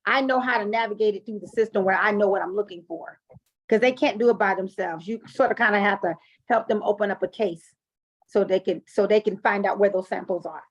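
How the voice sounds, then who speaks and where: A woman's voice: mid-range voice, a little fast. Chatty woman coaching on a lo-fi call. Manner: animated and chatty, with frequent fillers. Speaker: group coaching call host. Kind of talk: coaching talk and personal storytelling. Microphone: online call audio. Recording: dull lo-fi call audio.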